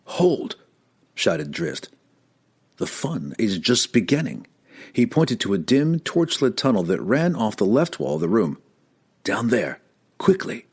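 A man's voice: mid-range voice, big pitch swings, a little slow, gravelly, breathy edge, full character voice. A man voicing a brash, cocky elf warrior. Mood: urgent. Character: cocky, playful male dark elf swordsman.

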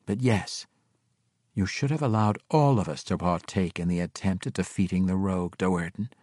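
A man voicing a cool, stern female dark elf high priestess who speaks in a dry, quiet, commanding way. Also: normal speed, no echo.

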